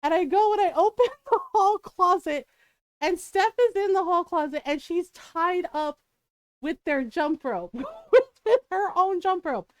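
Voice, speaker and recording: Very high-voiced woman telling a story. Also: expressive, a little slow, dry recording, clean studio sound. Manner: laughs often and acts out the people she quotes. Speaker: streamer. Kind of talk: casual storytelling on a live stream.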